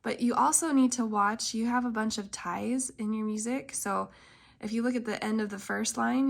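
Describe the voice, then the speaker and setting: A woman's voice: a little high, lively intonation, normal speed, creaky. A woman teaching a piano lesson, explaining the music patiently with frequent ums and counting beats aloud. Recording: piano playing underneath.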